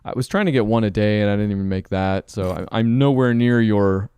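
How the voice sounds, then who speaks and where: A man's voice: on the low side, brisk, mellow, clean tone, dry recording. Male co-host, casual and wry, resonant voice, dry close sound. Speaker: podcast co-host. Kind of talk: casual chat about video games.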